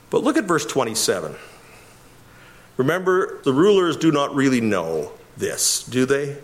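A man's voice: mid-range voice, sing-song, moderate pace, a little hiss or hum. A middle-aged man from Canada giving expository Bible teaching as a pastor, emphatic and often chuckling. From Winnipeg, Canada.

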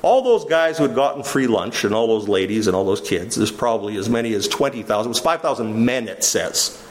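A man's voice: on the low side, lively intonation, a little fast. A man preaching a sermon, teaching with questions that he then answers himself. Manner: teaching, asks the listeners questions and answers them.

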